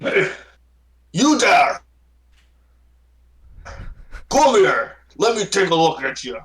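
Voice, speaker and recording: A man voicing a huge, irritable, foul-mouthed male baron with a large booming voice. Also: fairly even intonation, measured pace, pushed and bright. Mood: commanding. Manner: curses angrily.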